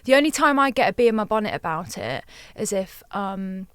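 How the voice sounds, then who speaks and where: A young woman, an actor, chatting as a podcast guest in a soft, friendly voice. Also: mid-range voice, big pitch swings, brisk, clear, resonant tone, no echo. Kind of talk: casual chat.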